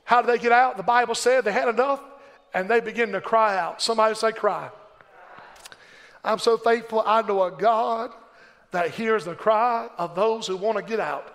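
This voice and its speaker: A man's voice: high-pitched, normal speed, fairly bright tone, long reverb tail. A middle-aged man preaching a sermon in a church, impassioned and rhythmic, calling the congregation to respond.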